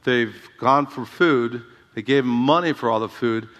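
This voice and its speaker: Working through a passage in an expository sermon, a male pastor delivers brightly and forcefully, repeating words and calling "Amen?" to his listeners. His medium-pitched, unhurried voice carries a long, echoing hall reverb.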